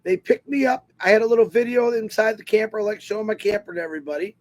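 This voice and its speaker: A man telling a personal story to an online webinar audience in an animated, emotional way. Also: sits high, fast talker. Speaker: webinar speaker.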